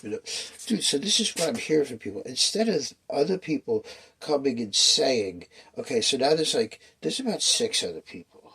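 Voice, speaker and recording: A man's voice: medium pitch, big pitch swings, normal speed, gravelly, a bit bright, slight background noise. A man in his fifties telling a long personal story in a rambling, profane way, acting out what people said. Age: 50s. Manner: profane, restless, storytelling with acted quotes.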